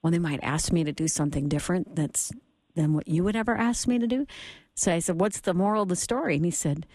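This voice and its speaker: A woman's voice: fairly low pitch, fast, a little mellow, no room sound. A middle-aged woman hosting a Christian radio talk show, telling a family story and retelling the dialogue.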